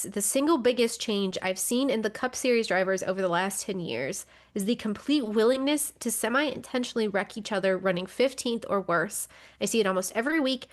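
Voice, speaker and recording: Woman podcast co-host, mid pitch, casual and chatty. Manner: conversational, with frequent fillers and restarts. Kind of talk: casual chat.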